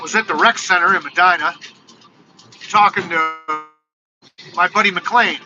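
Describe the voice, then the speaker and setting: A man in his forties talking casually in a live vlog from his car, telling stories in an animated, ranting way. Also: high voice, unhurried. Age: 40s. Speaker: vlogger. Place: in a car on the road. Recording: dull lo-fi car recording with music. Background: techno music playing.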